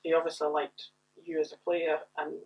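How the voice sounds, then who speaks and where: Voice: mid-range voice, completely flat delivery, normal speed, husky, highs cut off. An interviewer prompting a guest with short questions and brief backchannel.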